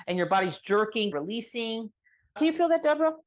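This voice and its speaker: A woman sound healer guiding an energy healing session, talking slowly and soothingly. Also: on the high side, very animated, lo-fi sound.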